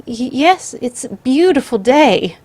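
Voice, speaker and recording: A woman voicing a frantic elderly grandmother who shrieks and pleads in a high, desperate voice. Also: sing-song, a little slow, a little mellow, husky, heavily acted. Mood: pleading.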